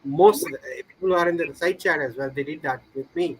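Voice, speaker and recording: A man whose first language is not English, chatting casually and pausing to search for words. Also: on the high side, husky, low-quality recording. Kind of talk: casual chat.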